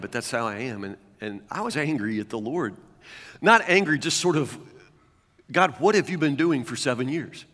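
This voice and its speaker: A man's voice: fairly high pitch, sharp tone, big-room sound. A man preaching a sermon as a pastor, talking conversationally and often stammering into restarts.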